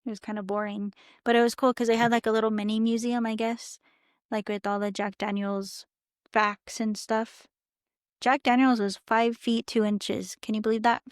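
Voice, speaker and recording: A woman's voice: fairly high pitch, little pitch movement, moderate pace, smooth, no echo, studio quality. A young woman chatting casually as a podcast guest, telling a travel story in a rambling way with lots of fillers. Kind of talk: casual chat.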